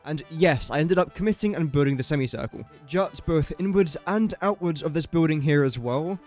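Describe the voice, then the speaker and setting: A man's voice: fairly high pitch, fairly quick, a little mellow, faint music behind. A young man from England with an English accent, giving chatty, self-deprecating gameplay commentary as he builds. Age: young adult. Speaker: gaming YouTuber.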